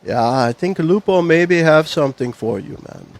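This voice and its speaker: A man's voice: on the high side, lively intonation, moderate pace, natural voice. A man voicing a sleazy male bar owner and shady dealer in a tabletop game, who slips "man" into his lines. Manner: slangy, drops "man" into lines.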